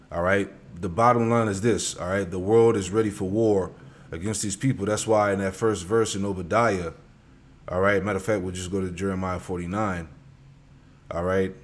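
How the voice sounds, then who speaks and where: Man, low voice, preachy, scripture commentator, filler-heavy. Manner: peppers talk with "all right" and "man".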